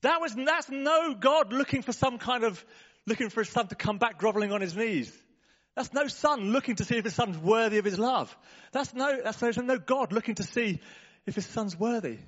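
A man preaching a sermon in a church, talking in a conversational, animated way and calling out to the congregation. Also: very high-pitched, normal speed, dull audio.

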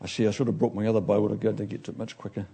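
A man preaching a sermon in an animated way, acting out the figures he talks about and now and then losing his place. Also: lowish voice, very fast, gravelly, husky. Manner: animated, acts out biblical figures, loses his place and laughs.

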